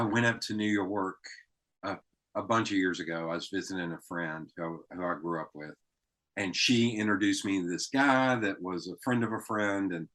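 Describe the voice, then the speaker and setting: Low-voiced man with a Southern US accent. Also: fairly bright tone. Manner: chatty storyteller who laughs easily. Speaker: podcast host. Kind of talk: casual conversation.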